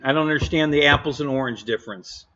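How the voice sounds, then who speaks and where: A man's voice: fairly high pitch, fast talker, bright, forceful tone. A man hosting a live stream, chatting casually and bluntly, laughing often and answering viewers' comments. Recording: dull lo-fi stream audio.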